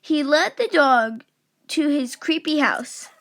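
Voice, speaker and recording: A woman reads a children's storybook aloud in a high, light voice. She takes her time, unhurried and gentle, and gives each line expression. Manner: slow, gentle and expressive, voicing characters. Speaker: children's book reader. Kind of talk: read-aloud storybook narration.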